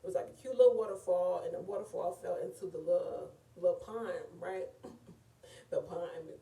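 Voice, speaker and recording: A woman's voice: mid-range voice, distant mic. A woman casually recapping a reality TV episode in a chatty, gossipy way. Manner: chatty, animated, often says "girl" and "like". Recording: echoey room, voice away from mic.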